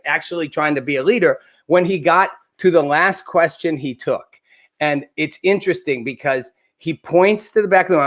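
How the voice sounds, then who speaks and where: A man hosting a live political talk show, voice sitting a little high for a man. He speaks in a loose, animated way and often stumbles into restarts with repeated words. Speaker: host. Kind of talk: casual political commentary.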